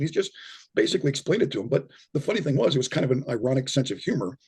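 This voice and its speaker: In relaxed interview talk, a middle-aged man who researches near-death experiences lays out his views conversationally, with frequent restarts and repeated words. He speaks rapid-fire in a medium-pitched voice with big pitch swings, a little mellow and husky.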